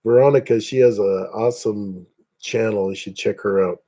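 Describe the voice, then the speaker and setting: A man with a lowish, mellow voice speaks at a moderate pace with fairly even intonation. He's a livestream host from Northeast Indiana, USA, rambling chattily through a casual stream and greeting viewers by name.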